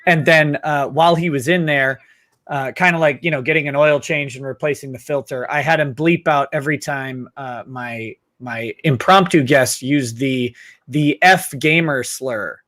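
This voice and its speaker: A man's voice: medium pitch, normal speed, a bit bright. A man from Texas chatting casually as a guest on a live stream, rambling with jokey asides.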